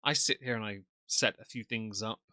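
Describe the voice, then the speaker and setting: Speaking from off camera into a desk mic, a man sarcastically comments on a livestream in a dry, mocking way. His voice sits on the low side with a sharp tone, normal speed, and no room sound.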